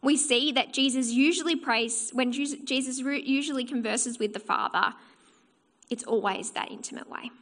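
A woman with a fairly high voice preaches a sermon in a church. Her delivery is earnest and explanatory. She often asks a rhetorical question and then answers it herself. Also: moderate pace, fairly bright tone.

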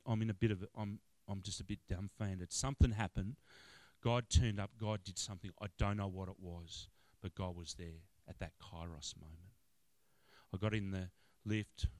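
Australian man, middle-aged, chaplain preaching, lively storyteller, deepish voice, close dry sound. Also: no room sound. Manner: animated, acts out quotes, rising to high-pitched excitement. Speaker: football club chaplain, preacher. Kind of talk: sermon storytelling.

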